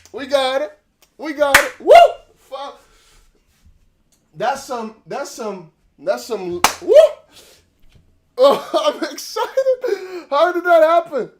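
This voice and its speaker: A man hosting a live crypto stream, excitable and rambling, out of breath and self-mocking. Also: very high voice, noisy background. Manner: excitable, shouting and laughing with relief. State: out of breath, sweating. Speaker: crypto livestream host.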